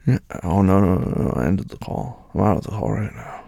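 Gravelly low-voiced man, whispered role-play. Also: a little slow, dark tone, dry recording, clean studio sound. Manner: low, commanding and teasing, often breathy and whispered. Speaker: audio role-play performer.

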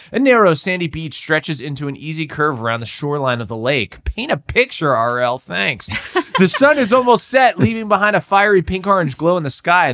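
A man's voice: fairly high pitch, fairly bright tone. A man hosting a comedy podcast, reading a kids' book aloud, joking and swearing as he goes. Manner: joking, swears a lot, laughs mid-read. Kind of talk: casual comedic read-aloud.

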